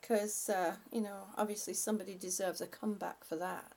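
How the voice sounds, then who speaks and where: A woman hosting a livestream, chatting haltingly and affectionately with her viewers, often restarting her sentences. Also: medium pitch, steady tone, creaky, a little mellow. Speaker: livestream host. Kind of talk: casual livestream chat with viewers.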